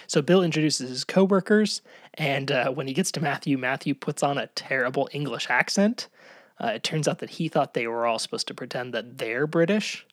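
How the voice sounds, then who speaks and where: A man's voice: mid-range voice, expressive, normal speed, dry recording. A man co-hosting a podcast, recapping a sitcom episode in a wry, analytical, hedging way. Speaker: podcast co-host. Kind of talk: casual episode recap chat.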